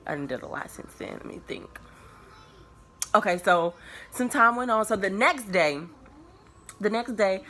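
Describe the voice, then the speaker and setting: A woman's voice: sits low, a little hiss or hum. A woman in her early twenties telling viewers a personal story in a casual, rambling way, full of filler words and restarts. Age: early 20s. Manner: relaxed, confiding tone addressed to viewers.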